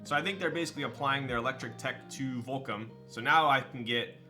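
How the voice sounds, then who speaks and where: A young man from Southern California chatting casually with viewers on a live stream, relaxed and slangy, full of fillers like "um" and "like", with light music playing behind him. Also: mid-range voice, fairly quick. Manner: laid-back, slangy, with frequent fillers and laughs.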